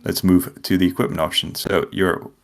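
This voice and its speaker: Deep voiced guy on a podcast, kinda gravelly, rambly, lots of likes and ums. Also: flat delivery, moderate pace. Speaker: podcast co-host. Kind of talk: casual podcast chat.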